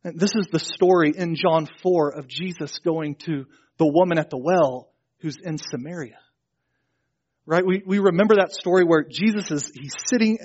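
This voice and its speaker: Male pastor, high voice, lively storytelling sermon, lo-fi audio. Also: husky. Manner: animated storytelling, acting out Bible characters' lines.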